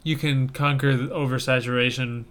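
A young man co-hosts a casual podcast chat, enthusiastic and rambling. His voice is smooth and resonant, sitting at a middle pitch. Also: steady tone, normal speed, a bit bright. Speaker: podcast co-host reviewing trailers.

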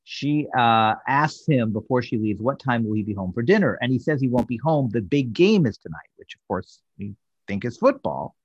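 A man's voice: medium pitch, moderate pace, breathy edge, no room sound, muffled recording. A man hosting a podcast and recapping a TV episode casually, acting out the characters' lines as he tells it. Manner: animated storyteller, acting out quotes. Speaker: podcast host.

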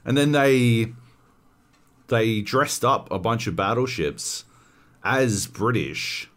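A man hosting a podcast, chatting casually and swearing freely as he tells an animated story. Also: mid-range voice, takes it slowly. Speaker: podcast host. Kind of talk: casual chat.

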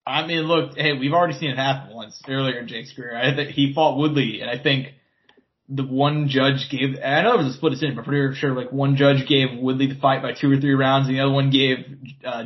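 A man's voice: medium pitch, little pitch movement, fairly quick, muffled recording. A man co-hosting a podcast in casual chat, swearing often and repeating words as he thinks. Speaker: podcast co-host. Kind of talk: casual chat about boxing.

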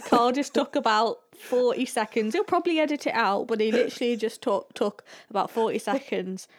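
Woman, podcast co-host, relaxed casual chat, slightly high voice. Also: brisk. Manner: easygoing, guides the exercise.

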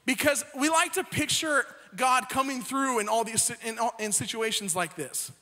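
A young preacher tells the story in a chatty, joking way and keeps tossing in "right?" to the crowd. His voice is very high and bright. A long hall reverb trails after every phrase. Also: moderate pace. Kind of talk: casual sermon storytelling.

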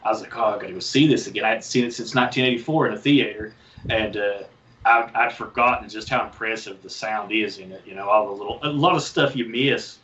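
A man's voice: fairly low pitch, a little fast, sharp tone, a little hiss or hum. Southern-accented man, rambling chat, lo-fi mic. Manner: rambling, searches for words. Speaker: podcast guest. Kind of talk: casual movie chat.

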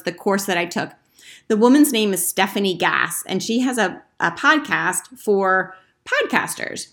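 A woman's voice: mid-range voice, a bit bright. A woman hosting her own podcast, telling a personal story in an earnest, chatty way. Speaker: podcast host. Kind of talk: casual solo podcast monologue.

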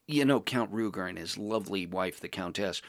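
A man playing a pompous, social-climbing young male journalist with affected, genteel high-society phrasing. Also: moderate pace, dry recording, clean studio sound. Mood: smoothing over. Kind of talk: podcast role-play.

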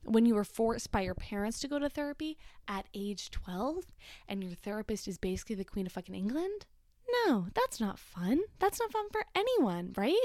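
A woman's voice: a little high, sing-song, normal speed, a little mellow. A young adult woman hosting a casual solo podcast, telling a story in a chatty, self-deprecating way with frequent swearing and asides. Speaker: podcast host.

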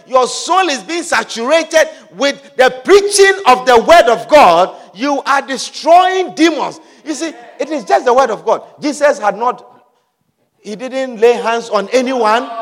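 A man preaching a sermon with emphatic repetition and sudden shouted lines. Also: very high voice, in a large hall. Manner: emphatic, repeats phrases, bursts into shouts.

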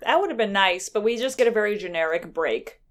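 A woman chatting casually, recapping a story game with quick, animated acted-out lines and frequent laughter. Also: mid-range voice. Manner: animated, laughing, acts out characters in quick voices. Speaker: podcast co-host recapping a game. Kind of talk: casual chat.

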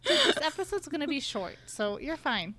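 A woman's voice: high voice, huge pitch swings, normal speed, pushed and bright. A young woman co-hosting a podcast, chatting casually and teasing the others, laughing at her own jokes. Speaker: podcast co-host. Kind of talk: casual chat.

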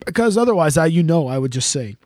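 High-voiced man telling stories. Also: very animated, fast, darkish tone, no room sound, clean studio sound. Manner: teasing storyteller, swears freely. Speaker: podcast host and gigging singer. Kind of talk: casual chat.

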